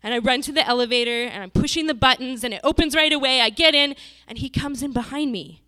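A woman's voice: high-pitched, fast talker, bright, forceful tone, clean tone, no room sound. A woman from Montana telling a personal story in a vivid, dramatic way. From Montana, USA.

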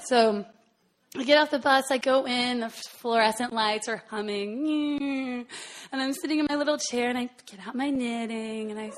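A woman telling a personal story in an animated way, often laughing between phrases. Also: on the high side, a little slow. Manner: animated, laughs often, lots of fillers and asides.

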